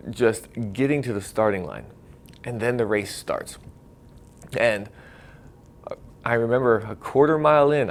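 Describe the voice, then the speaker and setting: A man telling the story of running a marathon in a casual vlog, enthusiastic and getting loud and excited when he retells the cheering crowd. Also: medium pitch, a little hiss or hum. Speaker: marathon runner telling his race story.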